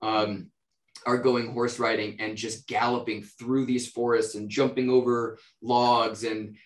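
A man from the United States talks easily as an interviewed actor, wandering through his answers with ums and restarts. His voice sits at a middle pitch and carries a roomy echo. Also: unhurried. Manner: relaxed, rambling, lots of fillers and restarts.

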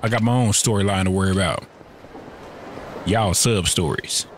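A man's voice: deep voice, normal speed, background noise. A man giving loose, profane gameplay commentary, full of slang and playful trash talk aimed at the screen. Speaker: let's play gamer.

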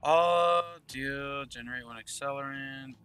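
A man's voice: medium pitch, unhurried, sharp tone, clear, resonant tone, soft background music. A man giving casual gameplay commentary, thinking aloud and murmuring game text as he plays. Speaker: gaming channel host.

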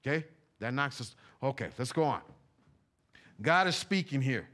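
A man's voice: medium pitch, expressive, moderate pace, fairly bright tone. A man preaching a sermon in a church, talking in a loose, conversational way with slang and repeated phrases. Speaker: pastor. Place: church sanctuary.

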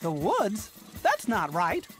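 A woman's voice: medium pitch, wildly swooping pitch, slow pace. A woman voicing a cheerful male cartoon mouse who leads the way and coaxes viewers to call out, over background music. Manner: upbeat, coaxing the audience to call out.

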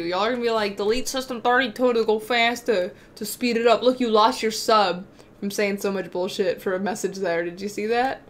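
A woman's voice: on the high side, slight background noise. A young woman live-streaming a game, chatting casually, swearing freely and bantering with her chat. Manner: excitable, swears freely, talks back to chat.

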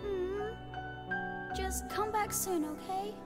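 Woman as a grieving young boy, timid, soft hesitant voice, very high pitch, slow delivery, game music behind. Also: heavily acted. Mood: pleading. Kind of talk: video game voice acting.

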